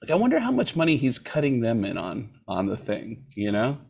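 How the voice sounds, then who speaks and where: Comedian dude spinning a story, animated, jumps into voices for the quotes. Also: male voice, mid-range voice, brisk, gravelly, slightly rough. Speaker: comedian guest. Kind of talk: casual storytelling.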